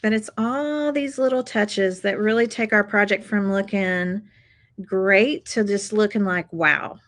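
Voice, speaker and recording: A woman's voice: medium pitch, measured pace, fairly bright tone, rough recording. Chatty woman hosting a craft tutorial. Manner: chatty, upbeat, addresses viewers as "you guys". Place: craft table indoors.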